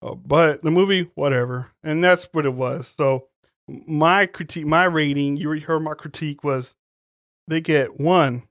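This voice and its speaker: A man's voice: a little high, fairly bright tone, no room sound, studio quality. A man co-hosting a podcast, recapping a film in loose, profane casual chat. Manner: loose, profane movie recap with quick quoted voices. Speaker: podcast co-host.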